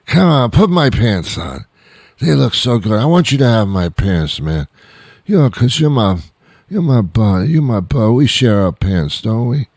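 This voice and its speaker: A man's voice: medium pitch, sing-song, unhurried, darkish tone, no echo, clean studio sound, voice pushed up. A man voicing a sloppy, affectionate drunk man who keeps repeating himself and begging for hugs. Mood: clingy. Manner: slurring, repetitive, pleading for hugs.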